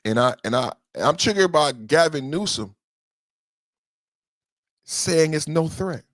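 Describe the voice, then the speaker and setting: A man's voice: on the high side, animated, takes it slowly, a bit bright, dry recording, studio quality. A man hosting a podcast in heated livestream commentary, emotional and profane, repeating himself and answering chat commenters directly. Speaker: podcast host.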